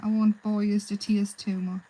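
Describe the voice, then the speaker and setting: A woman hosting a live craft demonstration, chatting in a relaxed, rambling way and answering viewers' comments as she works. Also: mid-range voice, normal speed, poor audio. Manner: relaxed, self-deprecating. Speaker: craft livestream host.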